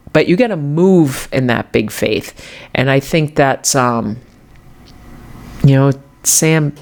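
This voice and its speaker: A woman in her fifties talks slowly and unhurriedly on her own podcast. She speaks heartfelt and halting, stumbling and restarting as she reflects on faith and encourages her listeners. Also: low voice, a little mellow. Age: 50s. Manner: religious encouragement. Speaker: podcast host. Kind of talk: reflective faith-centered monologue. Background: dog barking at times.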